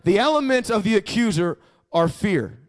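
Male pastor with a high voice, emphatic sermon delivery, call-and-response. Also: animated, normal speed.

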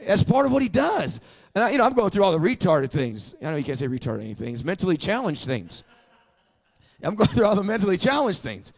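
Male pastor with a high voice, emphatic sermon delivery, call-and-response. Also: very animated, quick pace, gravelly.

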